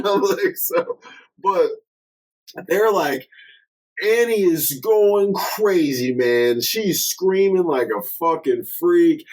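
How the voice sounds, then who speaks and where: Brief: young male podcast co-host, slightly high pitch, animated, slangy, profane, casual. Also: low-quality recording. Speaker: podcast co-host reviewing a film. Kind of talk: casual chat.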